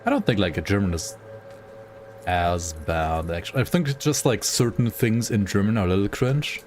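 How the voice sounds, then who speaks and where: A man's voice: fairly low pitch, moderate pace, darkish tone, faint music behind. A young man chatting casually on a gaming livestream, rambling, swearing freely and laughing often. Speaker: gaming streamer.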